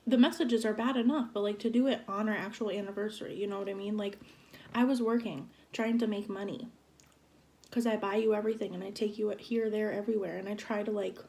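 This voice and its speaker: A young woman in her twenties telling a storytime vlog in an animated, exasperated way. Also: medium pitch, fast talker, vocal fry. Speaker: vlogger. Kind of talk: storytime vlog while eating.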